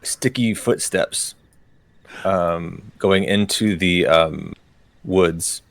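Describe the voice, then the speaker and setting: A man running a tabletop game as game master, hesitant, with many pauses and restarts. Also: low-pitched, creaky, no room sound.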